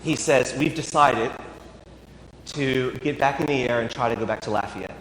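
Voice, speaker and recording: A man's voice: mid-range voice, normal speed, a bit bright, slight background noise. A man, a priest, telling a humorous story in a sermon with dry, wry asides. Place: church. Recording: echoey church with long reverb.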